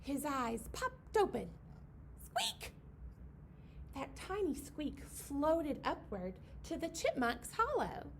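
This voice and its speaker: A woman's voice: sits high, wildly swooping pitch, takes it slowly, hardly any pauses, a little hiss or hum. A young woman leading a library storytime for babies, reading a picture book aloud in a playful sing-song way and acting out the animal sounds.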